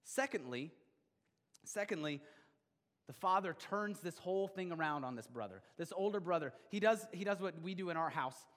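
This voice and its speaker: A middle-aged male pastor delivering a sermon, swinging between loud emphatic bursts and quiet, intimate stretches. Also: high voice, animated, normal speed. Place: church sanctuary. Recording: long hall reverb.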